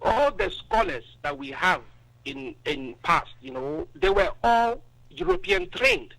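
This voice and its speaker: A man's voice: high voice, sing-song, unhurried, creaky, pushed and bright, rough recording. A man calling in to a talk show, speaking casually with many fillers. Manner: casual, lots of "you know" and "yeah". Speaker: caller. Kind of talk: call-in discussion.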